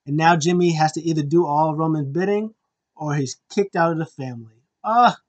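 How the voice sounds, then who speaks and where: A man hosting a wrestling review, retelling a match in an excited, rambling play-by-play way. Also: fairly high pitch, fairly quick, dull audio. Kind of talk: casual wrestling recap.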